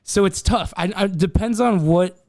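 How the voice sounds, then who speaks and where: A man's voice: high voice, normal speed, a little mellow, no room sound, clean studio sound. A man co-hosting a podcast in laid-back casual chat, swearing freely. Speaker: podcast co-host.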